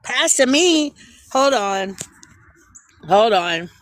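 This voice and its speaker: Playful, lively woman streaming by a creek. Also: a little high, extremely slow, a little hiss or hum. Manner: playful, giggly, childlike banter. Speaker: livestreamer. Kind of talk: casual livestream chat. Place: outdoors by a creek on a trail. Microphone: phone held in hand.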